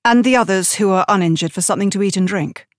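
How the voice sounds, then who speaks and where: A woman voicing a brisk, commanding male army doctor in an audiobook, giving orders in an authoritative way. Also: medium pitch, dry recording, clean studio sound, lightly acted.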